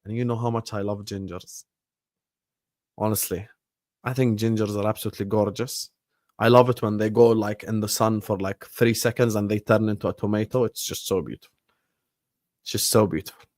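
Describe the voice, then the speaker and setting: A man's voice: fairly low pitch, level tone, a little fast, a little mellow, no room sound, clean studio sound. A young man hosting a livestream, chatting in a rambling, slangy way and dropping in short Arabic phrases. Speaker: livestream host. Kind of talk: casual livestream chat.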